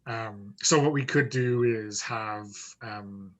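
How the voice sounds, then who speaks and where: A man running a tabletop game as game master, relaxed and easygoing. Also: lowish voice, slow pace, poor audio. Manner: relaxed, easygoing, hesitant with fillers.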